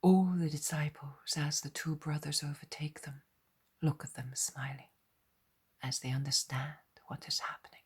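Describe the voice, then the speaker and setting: A woman reader narrating a devotional audiobook in a soft, measured unvoiced whisper. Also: deep voice, steady tone, slightly rough.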